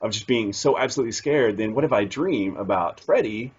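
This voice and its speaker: A man's voice: on the low side, a little fast, slight background noise. A middle-aged man hosting a casual interview, playful and laughing often as he asks questions. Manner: playful, laughs often, lively ups and downs. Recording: dull lo-fi sound.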